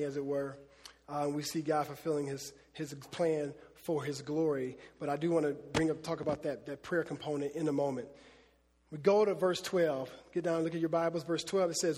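A man preaching a casual Bible lesson, chatty and animated, with many fillers. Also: on the high side, in a large hall.

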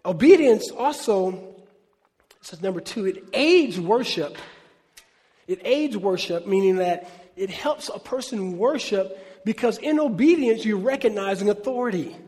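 A man with a very high-pitched voice preaches a sermon to a congregation, keeping it conversational and throwing questions back at the room. His voice carries a long reverb from the large church hall. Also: unhurried. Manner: lively conversational preaching, asks the crowd questions. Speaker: pastor.

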